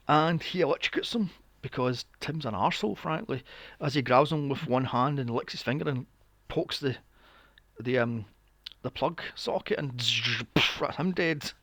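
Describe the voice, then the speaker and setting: A man's voice: fairly high pitch, fairly bright tone, dry recording. A young man recapping a film on a podcast, sarcastic and swearing freely with mocking asides. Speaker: podcast co-host. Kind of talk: casual movie recap chat.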